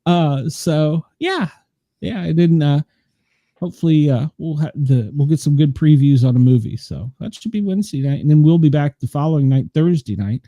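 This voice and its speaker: A man's voice: fairly high pitch, expressive, moderate pace, warm tone, no room sound. An older man hosting a chat show, telling rambling stories and laughing often. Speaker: podcast host. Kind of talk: casual chat.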